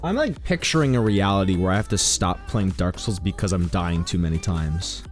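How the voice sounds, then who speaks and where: A man with a low voice that swings up and down a lot, streaming a game in rambling, joking, self-mocking casual chat. He talks to viewers from a room at his computer while game music plays faintly behind him. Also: lively intonation, normal speed. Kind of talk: casual live-stream commentary.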